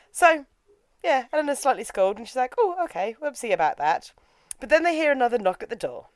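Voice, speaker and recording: A woman's voice: mid-range voice, no room sound. A woman, chatting casually as a podcast host while she recaps an anime episode and acts out the characters' lines. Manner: chatty, animated retelling with acted-out quotes.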